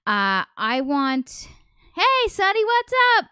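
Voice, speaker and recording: A woman's voice: high-pitched, sing-song, takes it slowly, bright, forceful tone, no room sound, clean studio sound. A woman hosting a livestreamed variety show, chatting in a rambling, self-deprecating way and greeting viewers by name. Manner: self-deprecating, nervous, laughs often. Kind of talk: casual livestream chat.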